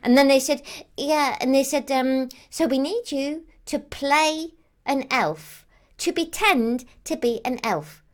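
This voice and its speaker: A woman's voice: high-pitched, slow pace. A woman playing a childlike female Christmas elf who rambles on with lots of "like" and "um". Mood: rambling. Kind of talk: character monologue to camera.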